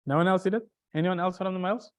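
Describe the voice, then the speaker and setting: A teacher giving a classroom lecture on Arabic grammar, who often questions the class, restarts phrases and recites short Arabic verses in quick bursts. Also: mid-range voice.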